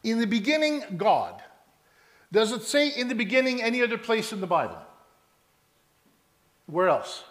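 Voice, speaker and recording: Male preacher, high voice, animated storyteller who acts out dialogue, sermon delivery. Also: normal speed, long pauses. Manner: animated storytelling, acting out both sides of conversations.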